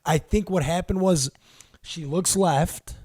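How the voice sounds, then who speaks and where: A young man co-hosting a podcast, telling a story in laid-back casual chat, halting and full of "like", with some teasing. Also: high-pitched, a little mellow, slightly rough, no echo, clean studio sound. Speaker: podcast co-host.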